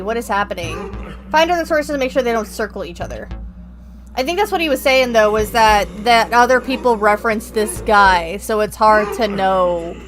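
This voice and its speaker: A young woman streamer chats casually as she plays, sounding bubbly and self-deprecating in a voice on the high side. The recording is low quality, with game music running underneath.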